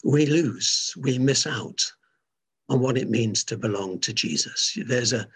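A man preaching a sermon in an animated, emphatic way, often restarting his words. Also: medium pitch, unhurried, slightly rough.

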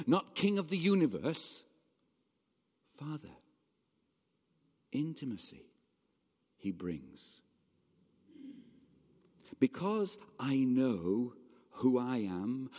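A man preaching a sermon in a conversational, animated way, asking his congregation rhetorical questions. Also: mid-range voice. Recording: long hall reverb.

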